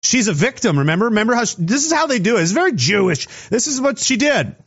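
A man's voice: high voice, very animated, fast talker, gravelly, breathy edge. A man in a heated, profane, sarcastic political rant. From Canada. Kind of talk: angry political rant to camera. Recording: dull lo-fi audio.

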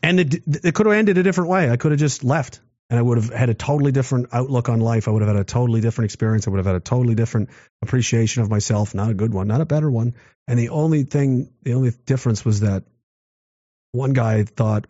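A man's voice: medium pitch, fast, a little mellow, no room sound. A man in his thirties telling a war story in a casual, profane, rambling way, mocking himself and reading comments from chat. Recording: dull lo-fi dry sound.

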